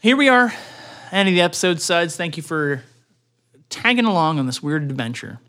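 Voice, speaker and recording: Bright, animated man hosting a podcast. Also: fairly high pitch, normal speed. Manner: animated, loud laughter. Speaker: podcast host. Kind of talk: casual chat.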